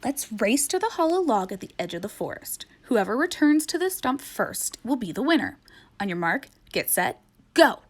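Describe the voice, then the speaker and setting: Lady doing a show-off little ghost girl, high voice all over the place, storybook. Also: big pitch swings, normal speed. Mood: boastful. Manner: bragging, indignant. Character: boastful young female ghost.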